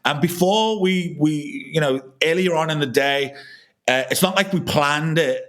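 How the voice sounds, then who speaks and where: A man's voice: a little high, unhurried, fairly bright tone. A man, a filmmaker guest on a podcast, telling a long casual anecdote full of swearing and restarts.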